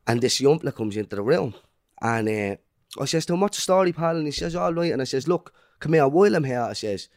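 A man's voice: medium pitch, darkish tone, no echo, clean studio sound. An Irish man telling a long rambling anecdote in casual chat. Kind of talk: casual banter.

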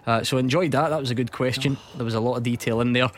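A man's voice: medium pitch, steady tone, quick pace, a little hiss or hum. A man hosting a football radio show, teasing his studio guests and laughing easily. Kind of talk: casual studio banter.

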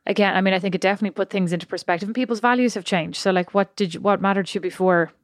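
A woman's voice: mid-range voice, very fast, dry recording, studio quality. A woman co-hosting a podcast, chatting casually and probing with questions. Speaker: podcast co-host. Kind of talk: casual chat.

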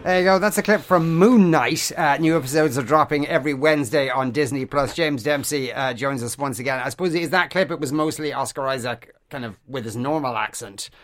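A man's voice: medium pitch, brisk, few pauses, a bit bright, soft background music. A man hosting a radio show, talking casually with many hesitations. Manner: hesitant, chuckling, filler-heavy. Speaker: radio host.

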